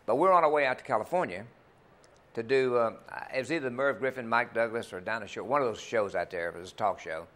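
A man's voice: mid-range voice, fast talker, a bit bright. An older man, a country singer telling rambling, folksy anecdotes in a TV interview. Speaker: country singer and club owner, interview guest. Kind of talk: storytelling in a TV interview.

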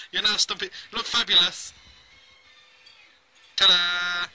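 A woman's voice: on the low side, steady tone, extremely slow, very noisy. A woman filming at home, laughing, teasing her friend and cooing at her dogs in baby talk. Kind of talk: casual home video chat.

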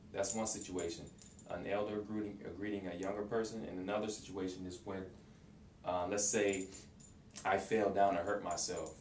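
A man giving a casual video language lesson, hesitant with many fillers and restarts, repeating phrases slowly for practice. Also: on the low side. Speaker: language learner teaching lessons. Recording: roomy, distant home recording with faint hiss.

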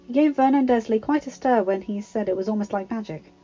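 A woman reading a fan-written story aloud in a steady, plain storytelling manner. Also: fairly high pitch, quick pace, faint music behind. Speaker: fanfiction reader. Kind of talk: audiobook narration. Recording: slightly dull home recording.

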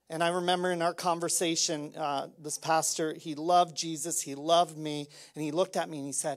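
Male pastor mid-sermon, chatty but fervent, drops to a hush then surges loud, leans on "like". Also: on the high side, level tone, moderate pace, hardly any pauses. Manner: conversational, fervent, many "like" fillers, swinging from hushed to loud.

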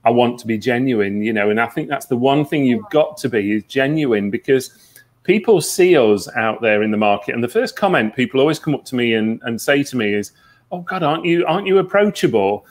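A man, a psychic medium guest, telling stories earnestly in a relaxed interview, with many fillers. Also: medium pitch, fairly quick. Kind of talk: conversational interview.

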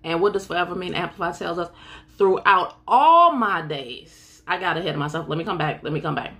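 A woman teaches a Bible study in a preacher's call-and-response style. She greets viewers by name and repeats key lines for emphasis, speaking at a middle pitch into a phone. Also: expressive, fairly quick, bright, forceful tone.

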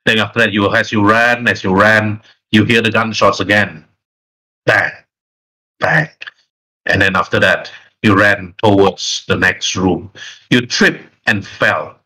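A man's voice: lowish voice, steady tone, moderate pace, bright, forceful tone, poor audio. A man narrating a tabletop role-playing game as game master, in long, rambling run-on sentences.

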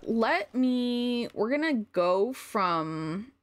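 A woman's voice: on the high side, lively intonation, very slow. A woman streaming a video game, chatting casually and gushing over cute things.

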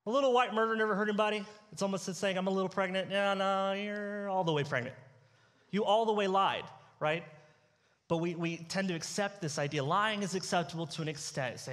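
A man's voice: sits high, brisk, a bit bright. Young male pastor preaching with humor. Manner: humorous storytelling, acts out dialogue. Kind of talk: sermon. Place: church sanctuary. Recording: church hall reverb.

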